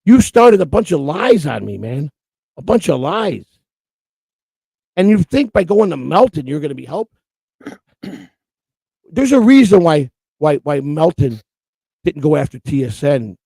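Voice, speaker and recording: A man's voice: on the high side, big pitch swings, a little slow, vocal fry, long pauses, dark tone, slightly rough, no echo. A man co-hosting a streamed morning show, ranting in a profane, repetitive and emotional way. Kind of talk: heated livestream rant.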